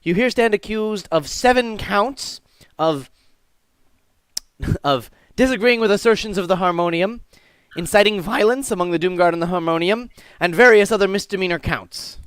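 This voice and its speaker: A man's voice: high-pitched, normal speed, a bit bright, clear, resonant tone, no echo, pitched above the performer's own voice. A man putting on a stern dwarf judge. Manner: formal, clipped courtroom questioning. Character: stern short bearded male dwarf judge.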